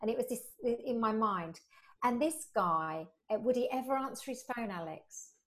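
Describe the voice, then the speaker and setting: Animated woman telling a sales story. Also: moderate pace. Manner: animated, acts out quoted dialogue with rising pitch. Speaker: podcast guest. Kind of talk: conversational storytelling.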